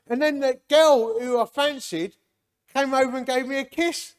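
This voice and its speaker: A man, giving a lively, jokey personal testimony to a men's gathering and acting out the people in it. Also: extremely high pitch, normal speed, smooth. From Hornchurch, England. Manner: lively, jokey, acts out quotes.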